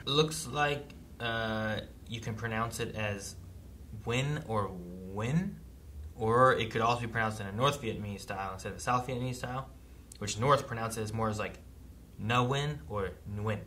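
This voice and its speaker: Bright, questioning young man. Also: lowish voice, a little fast, recorded from a distance, slight background noise. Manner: inquisitive, questioning, gets louder when puzzled. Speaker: reaction show co-host. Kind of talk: casual chat.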